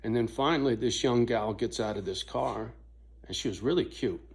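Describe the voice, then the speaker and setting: A man's voice: medium pitch, normal speed, vocal fry. A middle-aged man telling a rambling story in a casual vlog, swearing freely and often checking in with "right?". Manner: rambling, profane, frequent "right?" asides. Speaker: vlogger.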